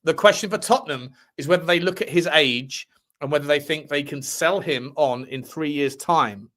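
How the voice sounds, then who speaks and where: A man's voice: on the high side, normal speed, fairly bright tone. A man hosting a football fan livestream, reading articles aloud with cheeky asides and repeating his phrases. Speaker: host of a football fan show. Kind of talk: casual livestream chat reading transfer news.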